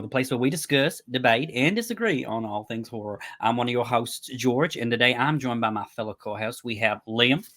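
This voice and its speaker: A man's voice: mid-range voice, expressive, brisk, few pauses, fairly bright tone. A man co-hosting a horror podcast in a casual, playful, chatty way, with many fillers. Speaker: podcast co-host.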